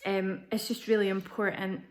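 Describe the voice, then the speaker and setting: A woman's voice: medium pitch, level tone, moderate pace. A woman vlogging, telling a personal story in a candid, chatty way with frequent ums and restarts. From Scotland.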